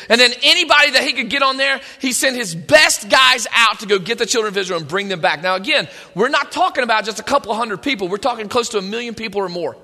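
High bright-voiced guy preaching, hall echo rolling behind him. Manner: retells scripture with quoted voices, emphatic. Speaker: pastor. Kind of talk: sermon.

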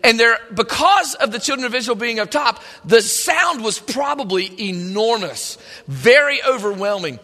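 A man preaching a sermon, retelling a story in an animated, conversational way. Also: extremely high pitch, moderate pace. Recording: long hall reverb.

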